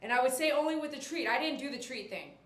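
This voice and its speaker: A woman's voice: high-pitched, expressive, fast, echoey room. A woman, a dog groomer chatting on a casual livestream and reading viewer comments aloud.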